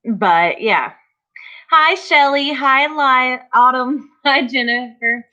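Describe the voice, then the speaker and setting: Tired, slow-talking woman. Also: high-pitched, bright, forceful tone, muffled recording. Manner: tired, slow and sighing, greeting viewers by name. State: tired, yawning. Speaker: livestream host of a vinyl crafting channel. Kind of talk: casual livestream chat.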